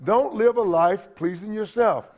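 A man preaches in a high-pitched voice, a little slow, as a folksy, humorous pastor. He repeats his points and addresses the congregation with asides, captured on a dull, lo-fi church recording.

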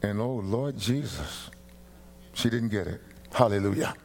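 A man's voice: lowish voice, a little slow, creaky, darkish tone, slight background noise. A middle-aged man preaching a sermon as pastor in a church, building to emphatic bursts of emphasis. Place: church sanctuary.

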